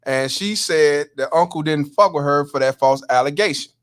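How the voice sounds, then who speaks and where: A man's voice: a little high, moderate pace, clear, resonant tone. A man hosting a stream, casually explaining and reacting to clips for viewers with plenty of profanity. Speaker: host.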